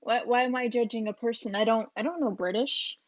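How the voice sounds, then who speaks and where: A woman's voice: a little high, a little fast, highs cut off, soft background music. Rambling, giggly young woman vlogger. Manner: rambling, giggly, lots of fillers. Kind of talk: casual reaction chat.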